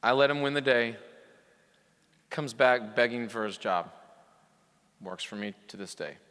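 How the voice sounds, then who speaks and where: Brief: male motivational speaker, bright and forceful, live conference hall with long reverb. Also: medium pitch, measured pace, clean tone. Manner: impassioned, rising into emphatic peaks. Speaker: coach speaking to repair shop owners. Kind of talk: motivational speech to a live audience.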